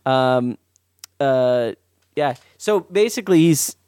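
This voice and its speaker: A man hosting a casual podcast chat, animated and rambling, quick to laugh and swear. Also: mid-range voice, clear, resonant tone, no echo, studio quality. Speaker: podcast host.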